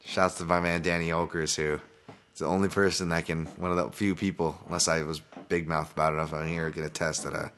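A man's voice: very deep voice, flat delivery, fast talker, fairly bright tone, a little hiss or hum. A man hosting a casual solo podcast, talking candidly through his fight picks with lots of restarts and asides to listeners. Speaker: podcast host and fight analyst.

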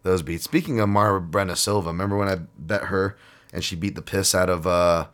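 Man, podcast host, very low voice, casual rambling chat, swears a lot, jokey. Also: steady tone, fairly quick, a bit bright. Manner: profane, rambling, jokey, many fillers.

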